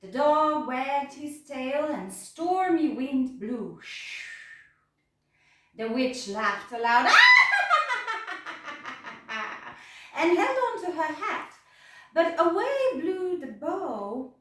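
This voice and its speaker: A woman reads a rhyming picture book aloud in a sing-song, expressive voice. Her pitch is high and leaps about, and she takes her time. The room is very echoey, and she is a little away from the mic. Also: slow, distant mic. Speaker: storyteller.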